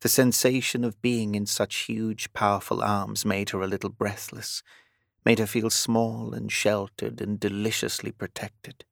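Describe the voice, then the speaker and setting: Gravelly low-voiced male narrator. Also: flat delivery, unhurried, no echo, clean studio sound. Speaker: audiobook narrator. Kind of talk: scripted romance narration.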